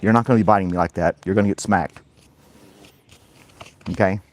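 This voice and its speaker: A man's voice: sits low, fairly even intonation, fairly quick, slight background noise. A man chatting casually as he plays with his dog in a backyard, giving playful commands and chuckling often. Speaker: vlogger and podcast host. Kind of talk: casual chat while playing with his dog. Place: backyard outdoors.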